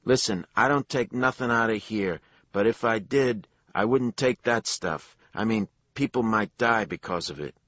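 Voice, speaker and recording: A man's voice: on the low side, normal speed, few pauses, fairly bright tone, no room sound, dull audio, voice pushed up. A man voicing a nervous male hospital worker with a thick New Jersey accent, denying everything defensively in an audiobook. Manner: defensive, jittery denials. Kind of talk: audiobook character voice.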